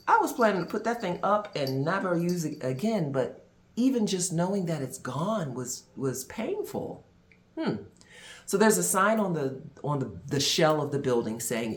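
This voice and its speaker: A man vlogger and minister telling a personal story to camera, with dramatic pauses and expressive delivery. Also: on the high side.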